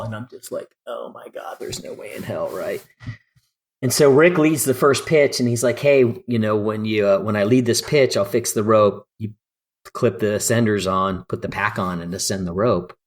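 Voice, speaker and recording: Low-voiced man in his fifties, animated podcast storyteller from California. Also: normal speed. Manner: animated storyteller, acts out quoted dialogue. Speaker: guest climber. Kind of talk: storytelling interview.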